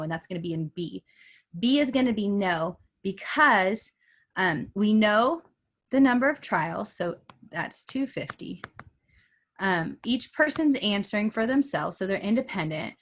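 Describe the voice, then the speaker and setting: A woman's voice: mid-range voice, expressive, measured pace, a bit bright. A woman math teacher recording a lesson from her bedroom, casual and thinking aloud with frequent ums.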